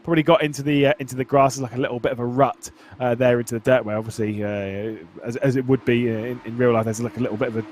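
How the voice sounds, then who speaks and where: An Australian man gives relaxed, chatty race commentary in a voice of middling pitch. He laughs easily and talks to his partner like a mate. A steady wash of noise sits behind him. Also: quick pace, hardly any pauses. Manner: laid-back, laughing, says "mate". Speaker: esports racing co-commentator.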